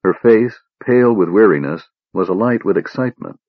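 A man narrating a fantasy audiobook with animated storytelling. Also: fairly low pitch, brisk, no echo. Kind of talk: scripted narration. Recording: dull dry lo-fi recording.

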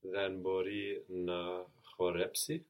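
A man's voice: low-pitched, little pitch movement, slow pace, highs cut off. A man learning a language, giving careful, hesitant answers to his teacher. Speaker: language student.

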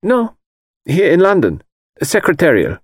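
A man's voice: high-pitched, huge pitch swings, a little slow, breathy edge, no room sound, clean studio sound, voice pushed up, full character voice. A man voicing a confident, cheerful young woman in an audiobook reading, breezy and a little teasing. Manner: breezy, self-assured, teasing.

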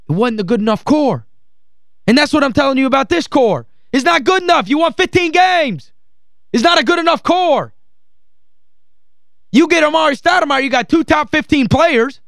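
High-voiced ranting sports radio man. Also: gravelly, a bit bright, no room sound, studio quality. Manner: heated, exasperated, emphatic ranting; repeats phrases for emphasis. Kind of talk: call-in sports talk rant. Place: radio studio.

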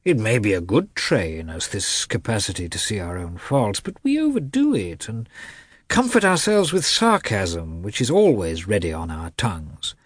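A man reading the lines of a patronizing, learned elder brother in a measured, lecturing way. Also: on the low side, breathy edge, no room sound, studio quality, heavily acted.

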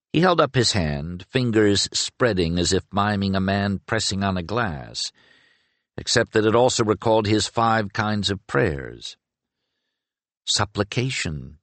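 A man narrating an audiobook with a measured, expressive reading. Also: on the low side, no echo. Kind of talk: scripted narration.

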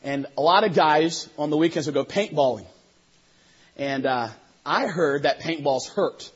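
A male preacher with a high, husky voice, pressing his point with emphatic force. His delivery swings between hushed and shouted, and the sermon recording sounds dull and lo-fi. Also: measured pace.

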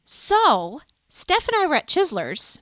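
A middle-aged woman co-hosting a livestream, telling a story in a casual, animated way and acting out the quoted voices. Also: sits high, slow pace, dry recording. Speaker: livestream co-host.

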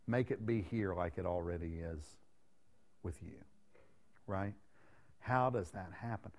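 A man in his late thirties delivers a sermon in a folksy, chatty way, speaking to the room as if to friends. He keeps asking the listeners questions and teasing them along. His voice sits fairly low. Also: measured pace, darkish tone. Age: 30s. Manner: folksy, conversational preaching with rhetorical questions to the congregation. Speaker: preacher.

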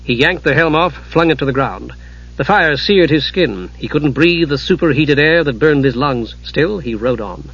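Male narrator, fantasy audiobook, husky voice, slightly high, dull lo-fi recording. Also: moderate pace. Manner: steady, dramatic storytelling.

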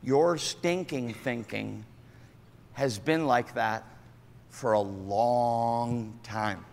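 A male pastor preaching a sermon, animated, acting out the voices of other people and swinging from loud outbursts to hushed asides. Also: mid-range voice, very slow, creaky, big-room sound.

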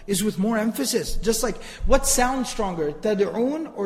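A man giving an animated Quran commentary lecture, reciting Arabic verses and explaining them with rhetorical questions. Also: high-pitched, fast, few pauses, big-room sound. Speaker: Quran teacher.

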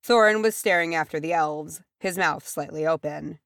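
A woman with a low, deep voice reads a fantasy chapter aloud. She narrates steadily and changes her voice for each character. The recording is dry and close, with no room sound. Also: steady tone, moderate pace, hardly any pauses, a bit bright, clean tone, no echo. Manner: voices characters with pitch shifts. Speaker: audiobook reader. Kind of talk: fan fiction audiobook narration.

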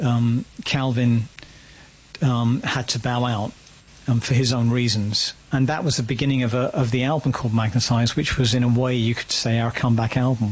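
A man in his fifties, speaking as a guest on a radio show. He talks in a reflective, storytelling way, at a middle pitch for a man and a relaxed, unhurried pace. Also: slightly rough. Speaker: guest musician. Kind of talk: casual radio interview.

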